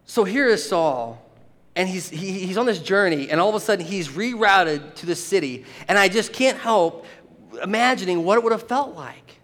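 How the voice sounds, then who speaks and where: A man preaching a sermon, animated and often laughing, acting out the voices in the story. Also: high-pitched, moderate pace. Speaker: pastor. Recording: long hall reverb.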